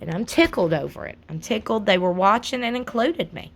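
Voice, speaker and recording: A woman hosting her own channel, talking straight to her viewers in a sassy, animated, casual commentary. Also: mid-range voice, fairly quick, creaky, slightly rough.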